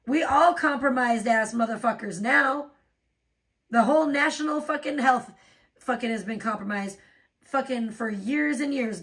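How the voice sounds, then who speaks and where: A woman's voice: on the high side, fairly bright tone, recorded from a distance. A woman hosting a livestream, ranting in a profane, rambling way and laughing often. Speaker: livestream host. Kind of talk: casual livestream rant.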